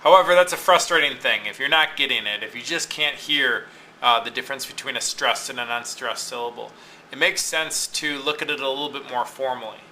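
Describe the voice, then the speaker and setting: A man teaching a lesson, patiently repeating words slowly to show where the stress falls, with frequent "okay"s. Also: medium pitch, pushed and bright, a little hiss or hum, rough recording. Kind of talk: recorded classroom lesson.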